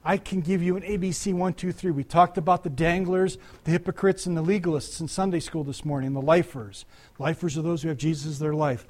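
A man's voice: a little high, steady tone, fairly quick, darkish tone. An older man preaching a conversational sermon, talking to the congregation with frequent asides and restarts. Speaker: pastor.

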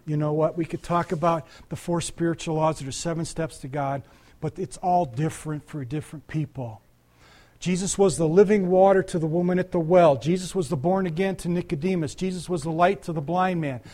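A man's voice: on the high side, brisk, mellow. An older man preaching a conversational sermon, talking to the congregation with frequent asides and restarts. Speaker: pastor.

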